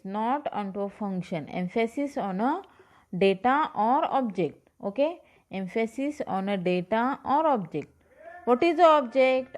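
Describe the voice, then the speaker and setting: Woman, teacher, lecture, repeats points, asks okay, slightly high voice. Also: a little mellow. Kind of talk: classroom lecture.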